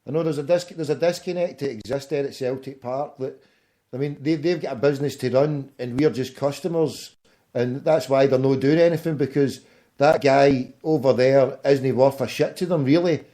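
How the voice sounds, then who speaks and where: Mellow-voiced blunt Scottish man. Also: mid-range voice, normal speed. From Scotland. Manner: profane, blunt, frequent "mate". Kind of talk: casual chat.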